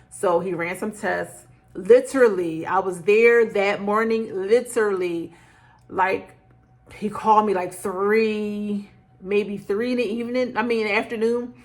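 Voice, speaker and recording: A middle-aged woman talking straight to her viewers in a relaxed storytelling vlog. She is chatty and animated, with plenty of fillers. She slips into other people's voices as she tells her story. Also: medium pitch. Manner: chatty and animated, acts out quoted lines with laughter; conversational, frequent fillers like "like" and "child". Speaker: beauty vlogger. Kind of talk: casual storytelling to camera.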